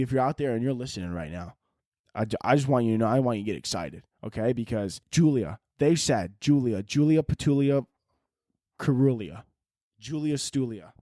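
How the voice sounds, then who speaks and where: A man's voice: mid-range voice, expressive, fairly quick, a little mellow, dry recording, studio quality. A man hosting a solo podcast, rambling through listener questions with crude, self-mocking jokes. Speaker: podcast host.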